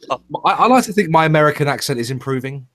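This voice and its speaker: Lively, crude-joking man. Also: fairly high pitch. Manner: crude, teasing banter. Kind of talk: casual chat on a live stream.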